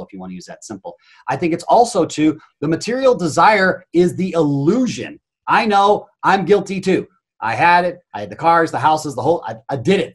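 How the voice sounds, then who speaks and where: Fast-talking husky man, blunt and animated. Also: a little high. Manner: blunt, swearing, animated and emphatic. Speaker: podcast guest, mental coach. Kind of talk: energetic interview talk.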